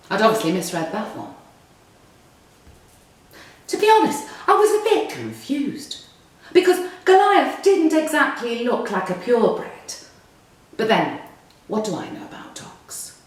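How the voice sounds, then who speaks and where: A woman reads a story aloud with wry, chatty humour. Her pitch swings up and down, and she takes her time. The room has a heavy echo, and the mic sits far from her. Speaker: narrator. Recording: roomy echo, distant mic.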